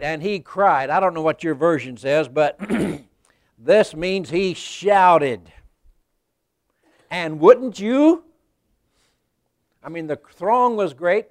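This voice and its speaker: A male preacher giving a sermon in a folksy storytelling way, talking right to the congregation and rising to loud emphasis. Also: on the high side, slow, no echo, studio quality.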